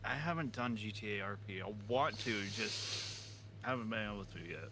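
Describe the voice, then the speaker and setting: A man's voice: lowish voice, normal speed, a crowd in the background. A man in a casual podcast chat who laughs often and swears. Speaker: podcast co-host.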